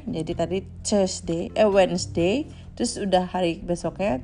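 A woman's voice: lowish voice, normal speed, mellow, faint music behind. A mother at home reading a picture book aloud to her young child, stopping to chat and explain the story as she goes. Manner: switches between reading and chatting to the child.

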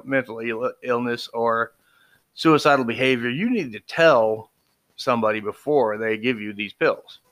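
A man at an ordinary pitch reads a long list of drug warnings out loud in a loose, casual way. He stumbles on the bigger medical terms and drops in dry, sarcastic remarks between items. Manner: stumbling over long words, wry asides. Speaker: vlogger reviewing medications. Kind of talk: casual read-aloud commentary.

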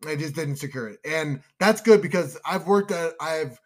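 A young man co-hosting a casual podcast chat, excitable and emotional, calling his listeners "y'all". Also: fairly high pitch, moderate pace. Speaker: podcast co-host.

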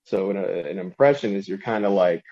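Guy with a lowish voice chatting on a podcast, rambly, kinda muffled lo-fi sound. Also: normal speed. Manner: rambling, drops into celebrity impressions. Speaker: voice actor guest. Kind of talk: casual podcast chat.

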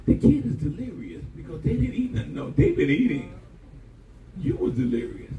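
A male pastor preaches with a lively, swooping delivery, folding humor and homespun stories into his sermon and calling on the congregation to answer. He is heard from some distance in a roomy, echoing space, with steady noise behind him. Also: high voice, normal speed, highs cut off. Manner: animated storytelling with humor and call-and-response; folksy, uses "y'all". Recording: echoey room, voice from a distance, audible background noise.

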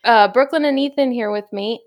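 Chatty, easygoing woman host for a casual podcast, quick to laugh. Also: a little high, creaky. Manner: chatty and upbeat, laughs easily.

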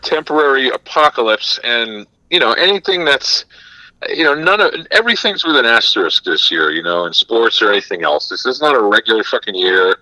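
Man, podcast guest, profane rambling jokes, bright tense tone, dry close sound. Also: medium pitch, very animated, fairly quick, dry recording, rough recording. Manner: joking, profane, rambling with many fillers. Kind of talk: casual crude comedy chat.

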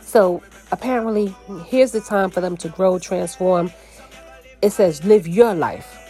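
A woman giving a casual, chatty podcast card reading, talking in an animated way and often checking in with "right?" and "you know". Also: medium pitch, measured pace, soft background music. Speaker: tarot card reader.

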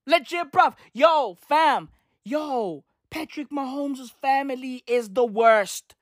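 A woman's voice: high-pitched, expressive, takes it slowly, no room sound, clean studio sound. A woman delivering a comedic sports rant in slangy, profane, repetitive street talk.

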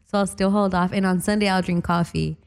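A woman's voice: fairly low pitch, fairly even intonation, a little fast, vocal fry, clear, resonant tone. A young woman hosting a podcast, talking in a casual, rambling way. She pads her sentences with fillers and laughs often as she tells stories. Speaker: podcast host. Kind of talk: casual chat.

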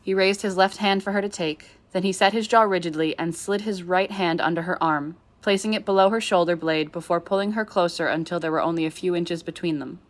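A woman reading a novel aloud in steady storytelling narration. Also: lowish voice, a little fast, few pauses. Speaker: audiobook reader. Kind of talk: scripted narration of a fan novel.

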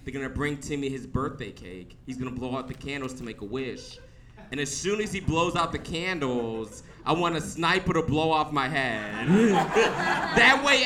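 A man with a fairly high voice performs stand-up on a club stage, chuckling through his own jokes. He sounds a little distant from the mic, and a live crowd laughs loudly around him. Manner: animated, laughing through punchlines. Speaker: stand-up comedian. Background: audience laughing.

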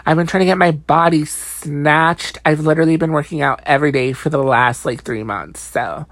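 A woman's voice: deep voice, moderate pace, no echo. A young woman recapping a reality show in a tired, casual, sassy way, full of swearing and filler "like"s. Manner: chatty, profane, heavy use of "like", sassy asides. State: tired, late at night.

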